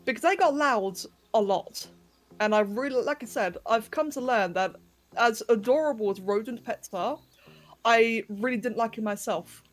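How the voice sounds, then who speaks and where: Streaming a game from her bedroom at home, a young woman chats casually with her viewers and giggles frequently as she plays. Her voice is fairly high at a normal speed, with faint music in the background.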